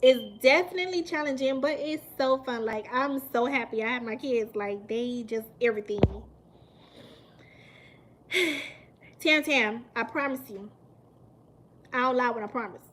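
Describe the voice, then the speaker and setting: High-voiced animated woman. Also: a little slow, long pauses, slight background noise. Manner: animated, emphatic, laughs often, repeats for emphasis. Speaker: mukbang livestream host. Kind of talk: casual live-stream chat with viewers.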